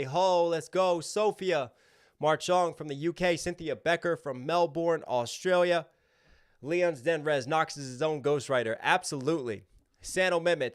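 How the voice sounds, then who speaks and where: Young male livestream host, higher voice, upbeat shoutout reading. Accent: American. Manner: reads out viewer names and donations, upbeat. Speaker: rapper hosting a livestream. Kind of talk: casual livestream chat.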